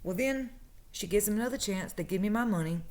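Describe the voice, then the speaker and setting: Woman telling a work story on her vlog, animated, does all the voices. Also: medium pitch, fast. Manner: animated, acts out the people she quotes. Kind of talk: casual storytelling.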